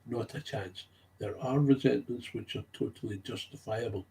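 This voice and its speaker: A man's voice: medium pitch, normal speed, creaky, mellow. A man speaking in an unscripted monologue, telling stories from recovery work, getting agitated and repeating his key phrases for emphasis.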